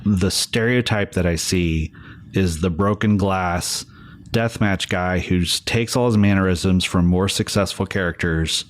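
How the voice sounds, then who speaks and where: A man's voice: low voice, a little slow, dry recording. A man co-hosting a podcast in casual chat, rambling along with restarts and lots of "you know". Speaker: podcast co-host.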